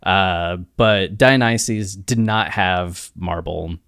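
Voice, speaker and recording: A man's voice: low voice, slow, vocal fry, a bit bright, clear, resonant tone, dry recording, clean studio sound. A man co-hosting a podcast, telling a story in a playful, rambling way. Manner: playful, rambling, laughs often. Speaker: podcast co-host. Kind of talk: casual chat, storytelling.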